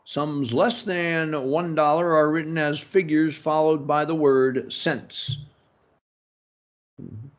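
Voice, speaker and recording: A man teaching a business English lecture, slow and halting, filling pauses with "mm-hmm" and "okay" and adding opinionated asides. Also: on the high side, steady tone. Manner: slow, halting, many fillers and self-talk like "mm-hmm" and "okay". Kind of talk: recorded lecture.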